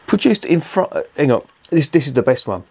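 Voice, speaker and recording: A man's voice: mid-range voice, sing-song, fairly quick, darkish tone, breathy edge. A man reviewing a beer in a rambling, profane, exasperated rant. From England. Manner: swears constantly, rambling and exasperated.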